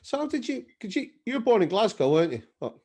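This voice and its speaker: A man's voice: sing-song, fast talker, a little mellow, slightly rough. A man from North Wales with a northern English accent and a Scouse twang, hosting a casual podcast interview, chatty and asking questions. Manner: chatty, asks questions with rising pitch. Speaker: podcast host.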